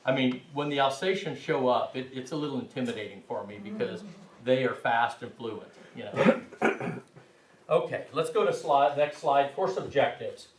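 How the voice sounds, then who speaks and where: A man's voice: mid-range voice, moderate pace, slight background noise. A man giving a language class lecture, rambling and self-deprecating, with frequent restarts. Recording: echoey room, mic far off.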